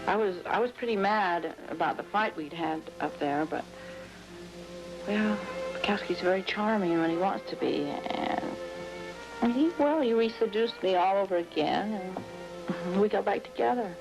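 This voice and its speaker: A woman's voice: medium pitch, lively intonation, moderate pace, rough recording. An older woman in an interview, recalling the past candidly with wry hesitation. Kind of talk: reflective interview recollection. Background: music.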